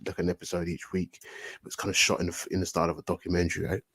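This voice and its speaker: A British man, telling animated, slangy stories as a guest in a casual chat. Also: low-pitched, rapid-fire, husky. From United Kingdom. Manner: animated, swearing, slangy storyteller. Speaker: podcast guest.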